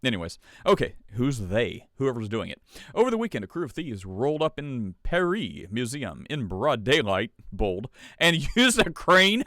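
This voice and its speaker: A man's voice: mid-range voice, sing-song, normal speed, few pauses, sharp tone, no echo, studio quality. A man hosting a podcast in casual chat, sarcastic and laughing often as he reads stories aloud. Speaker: podcast host.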